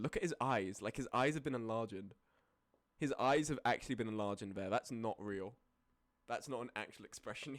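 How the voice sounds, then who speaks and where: A streamer casually ranking images, often breaking into high laughing fits and then dropping into low, sweary mutters. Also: no echo, clean studio sound. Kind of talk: casual live-stream commentary.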